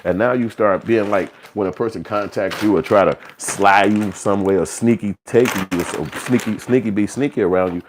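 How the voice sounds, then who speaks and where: Background noise sits under this man's fairly low voice as he talks at a moderate pace with few pauses. He's a livestream host rambling casually, profane and streetwise, acting out quotes along the way.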